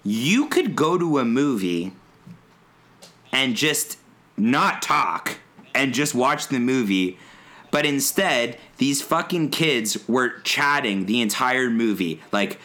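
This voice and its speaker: Man, podcast co-host, bright tense voice, animated rant, heavy swearing, casual chat. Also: medium pitch, measured pace. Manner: animated ranting storyteller, swears a lot.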